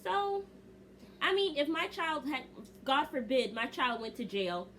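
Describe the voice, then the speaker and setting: Young woman, co-host, blunt, slangy, higher pitch, faint background noise. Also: sing-song, unhurried, a bit bright. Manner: blunt, argumentative, casual slang. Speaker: reaction show co-host, daughter. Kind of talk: casual reaction chat.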